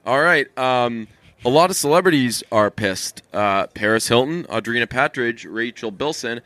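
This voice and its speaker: A young man co-hosting a podcast in casual chat, rambling and swearing freely with deadpan teasing. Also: mid-range voice, moderate pace, no echo. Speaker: podcast co-host.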